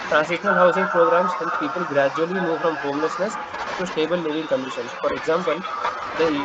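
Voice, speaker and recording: A man's voice: on the high side, steady tone, quick pace. A young man giving a class presentation, reading from notes with fillers and restarts. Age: young adult. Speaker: student presenter. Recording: dull lo-fi recording with loud noise.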